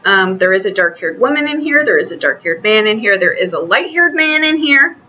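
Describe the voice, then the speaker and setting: A woman reads tarot cards in a loose, chatty way, often stopping and restarting her sentences. Her voice is bright and forward. The recording sounds a little dull, with faint noise behind her. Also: medium pitch, sing-song. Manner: chatty, halting, many restarts. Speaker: tarot reader. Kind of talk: casual tarot reading.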